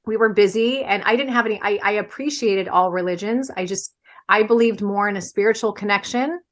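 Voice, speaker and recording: A woman's voice: mid-range voice, fairly quick. A woman who is a podcast guest, earnestly explaining her views with everyday examples in casual conversation.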